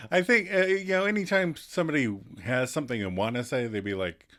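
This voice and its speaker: A woman's voice: sits low, brisk. A woman co-hosting a podcast in easygoing casual recap chat, laughing often. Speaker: podcast co-host.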